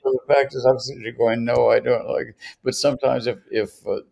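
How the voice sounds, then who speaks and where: A man's voice: medium pitch, steady tone, brisk, gravelly, dull audio, a crowd in the background. An older man, a songwriter guest on a podcast, telling long anecdotes with many restarts. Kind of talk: storytelling in a podcast interview.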